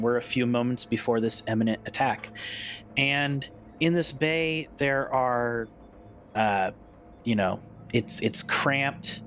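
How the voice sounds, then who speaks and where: A man's voice: mid-range voice, fairly bright tone, a little hiss or hum. A man narrating a tabletop role-playing game as game master, describing scenes loosely with small restarts.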